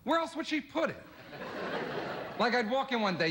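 A man from Philadelphia doing a stand-up routine as a guest comedian, firing off quick observational jokes and quoted voices. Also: extremely high pitch, sing-song, noisy background. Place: television studio with audience.

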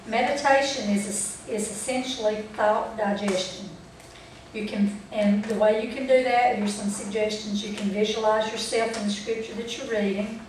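A woman leads a Bible study group in a folksy church training talk, asking the group questions and checking in with them as she goes. Her voice is fairly high, with fairly even intonation, normal speed and a darkish tone. The recording is from far off in an echoey room, with slight background noise.

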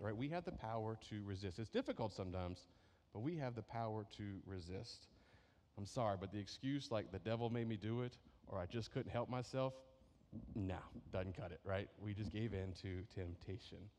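A man's voice: medium pitch, a little mellow. A man preaching a sermon as pastor, in a conversational way that keeps checking in with "right?". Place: church sanctuary. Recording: echoey hall reverb.

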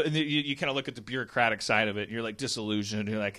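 Podcast host guy rambling a goofy movie pitch, bright voice, lots of restarts. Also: racing, few pauses. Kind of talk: casual comedy riffing.

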